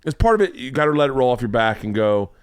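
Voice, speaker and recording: A man's voice: medium pitch, fast talker, clean tone, no echo, studio quality. A middle-aged man, a comedian hosting a podcast, chatting casually and acting out the people in his stories. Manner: animated storyteller, acts out quotes in a raised voice. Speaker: podcast host. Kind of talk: casual chat.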